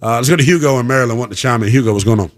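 A man's voice: mid-range voice, rapid-fire. A young man hosting a sports talk radio show, brash and slangy as he takes calls. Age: young adult.

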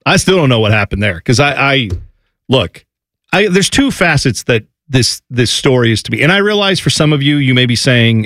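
A man co-hosting a casual sports talk show, opinionated and animated, breaking into loud mock announcer calls. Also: medium pitch, a little fast, no room sound. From Columbus, Ohio area. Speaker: podcast co-host.

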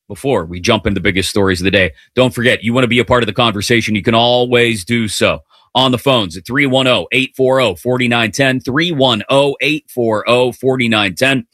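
A man hosting live sports talk radio, running through the day's stories in an upbeat, rapid-fire way from a broadcast studio. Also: mid-range voice, bright, forceful tone, dry recording. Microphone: studio microphone.

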